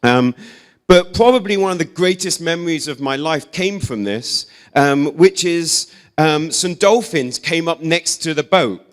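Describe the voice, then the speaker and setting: A young English man gives a casual sermon full of funny stories. His voice sits a bit high for a man. He talks in a loose, self-deprecating way, with lots of fillers. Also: a little slow. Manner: chatty, self-deprecating, animated storyteller with many "like"s and "um"s. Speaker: preacher.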